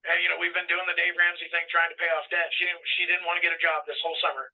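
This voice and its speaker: Halting man on a tinny phone line. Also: a little high, completely flat delivery, vocal fry, far from the mic. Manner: halting, full of fillers. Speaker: caller. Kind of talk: phone call.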